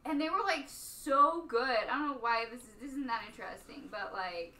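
A young adult woman in casual chat, talking fast and loose with lots of fillers and the odd swear word. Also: sits high, lively intonation, bright, forceful tone.

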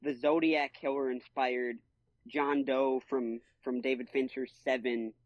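A man's voice: medium pitch, little pitch movement, a little slow, no echo. A man co-hosting a casual podcast chat, talking with enthusiasm and slang, and acting out quotes in other voices. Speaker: podcast co-host. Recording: dry, dull lo-fi sound.

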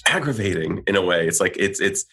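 A man hosting a podcast, asking thoughtful, measured questions in a low voice. His tone is gravelly, with a husky edge. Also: animated, bright, forceful tone. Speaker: podcast host. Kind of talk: conversational podcast interview.

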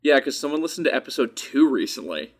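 A young adult man co-hosts a casual podcast, an animated storyteller who swears freely and acts out quotes. He has a medium-pitched voice and talks fast.

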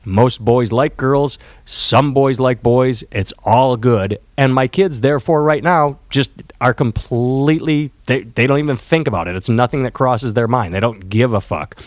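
A man's voice: mid-range voice, moderate pace, few pauses, no echo. A man co-hosting a podcast in casual chat, candid and profane, telling stories with acted quotes. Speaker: podcast co-host.

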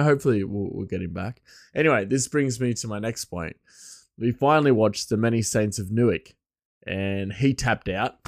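A man hosting his podcast alone, rambling loosely and chuckling, his voice a bit hoarse. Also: lowish voice, darkish tone, dry recording, studio quality. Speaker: podcast host. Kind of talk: casual podcast monologue.

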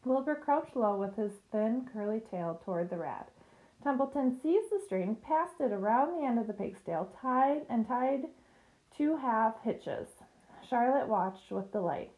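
A woman reads a storybook aloud in a steady, clear narrating voice. Her pitch sits a little higher than most women's. She keeps an even, unhurried storytelling manner. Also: rough recording. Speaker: reader. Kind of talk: storybook reading.

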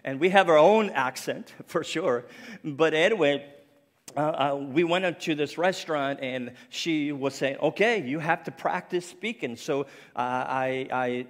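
A middle-aged man from Cape Breton Island preaching an earnest, personal sermon, his speech faintly French-sounding after a stroke, with some restarts. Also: a little high. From Cape Breton Island, Canada. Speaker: ministry speaker. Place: church sanctuary. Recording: long reverb of a large church.

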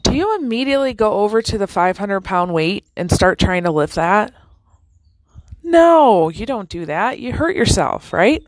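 A woman talks in a relaxed, chatty way about inner guidance, full of ums and restarts and lively lifts. Her voice sits mid-range. The sound is close and dry, with no room echo. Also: mid-range voice, moderate pace, few pauses. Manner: chatty, animated, with many fillers and restarts. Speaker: podcast host. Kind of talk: casual spiritual talk.

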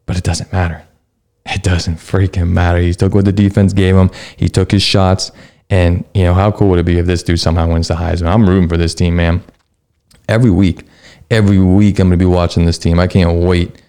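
A young man hosting a solo sports podcast, talking casually and excitedly, with lots of "man" and mild swearing. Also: sits low, brisk, smooth. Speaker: podcast host.

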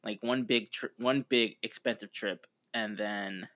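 A man with a fairly low voice chats on a podcast in a loose, rambling way. He talks easygoingly and fills pauses with "like" and "um.". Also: steady tone, a bit bright. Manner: rambling, laid-back, with frequent fillers. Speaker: podcast co-host. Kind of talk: casual chat.

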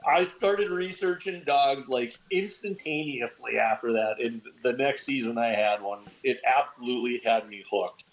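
A man guest on a podcast, telling stories in casual chat, lively and animated, acting out quoted lines with big jumps in pitch. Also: moderate pace, few pauses, low-quality recording. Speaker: podcast guest, bird dog kennel owner.

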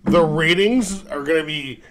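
A man's voice: a little high, a little slow, crowd noise. A man co-hosting a podcast, joking and laughing through a casual chat over beers. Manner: jokey, laughs often, playful. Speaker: podcast co-host.

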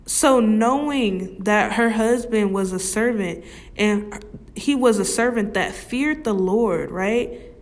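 A woman giving a casual Bible study, reading scripture slowly and talking it through, often asking "right?". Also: mid-range voice. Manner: slow, conversational, often asks "right?"; reads scripture slowly and deliberately. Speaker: Bible teacher.

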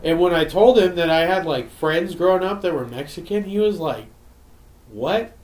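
A man's voice: a little high, normal speed, darkish tone. A young man from Southern California co-hosting a podcast, laid-back and joking with casual swearing. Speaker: podcast co-host. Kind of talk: casual chat. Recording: roomy echo.

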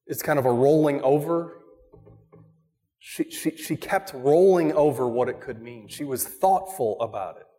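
Animated male pastor preaching in a hall. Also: medium pitch. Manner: animated, asks the congregation questions. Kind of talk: sermon. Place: church.

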